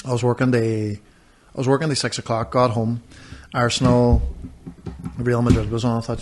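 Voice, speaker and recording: A man's voice: mid-range voice, level tone, moderate pace, a little hiss or hum. Man, podcast co-host, casual storytelling, swears a lot. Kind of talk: casual chat.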